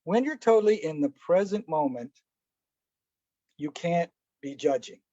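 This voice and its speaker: A man with a fairly high voice leads a relaxed lesson on breathing and letting go. He talks conversationally, tosses out rhetorical questions and acts out small stories with quick character voices. The recording is dry and somewhat dull. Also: dry recording. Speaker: meditation teacher. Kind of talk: relaxed spoken teaching talk.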